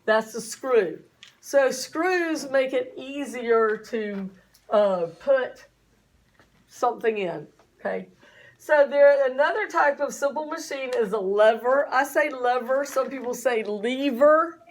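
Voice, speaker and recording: High-voiced chatty woman teacher. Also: expressive, slow. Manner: chatty, folksy, asks the class questions. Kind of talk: classroom lecture. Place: classroom.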